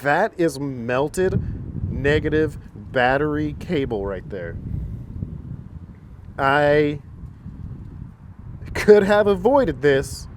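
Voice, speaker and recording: A man's voice: on the high side, expressive, extremely slow, long pauses, noisy background. A man casually talking through a car repair in a vlog, chatty and self-mocking, recorded outdoors by a truck on a camera mic. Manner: chatty, self-mocking, gets long-winded.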